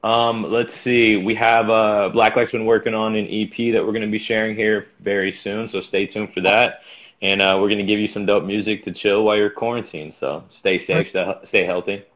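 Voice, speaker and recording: A man's voice: lowish voice, flat delivery, normal speed, highs cut off. A laid-back man chatting casually as a game show contestant over a video call. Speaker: contestant, musician.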